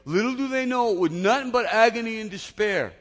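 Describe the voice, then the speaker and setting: A man putting on a South Philadelphia accent to play a weary, bitter working man, talking loud and strained. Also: sits high, expressive, fairly quick, in a large hall, voice pushed up.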